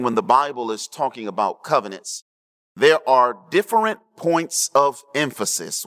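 A man preaching a sermon, checking in with the congregation and swinging between hushed low lines and raised emphatic ones. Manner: preaching with call-and-response asides to the congregation. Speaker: pastor.

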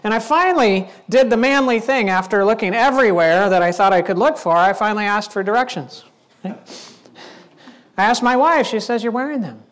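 A man with a fairly high voice preaches a sermon. He talks to the congregation in a loose, conversational way and slips into playful acted-out asides. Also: normal speed, a bit bright. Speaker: pastor.

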